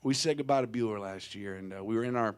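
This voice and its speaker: A man's voice: fairly low pitch, fast, smooth. A man in his thirties telling a wry, profane story onstage between songs at a small live music venue, into a stage vocal mic. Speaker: touring singer-songwriter telling a story on stage.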